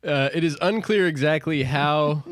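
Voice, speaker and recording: A man's voice: fairly high pitch, normal speed, dry recording, studio quality. A man co-hosting a casual podcast, reading news stories aloud and laughing often. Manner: reads stories with frequent laughter. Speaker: podcast co-host.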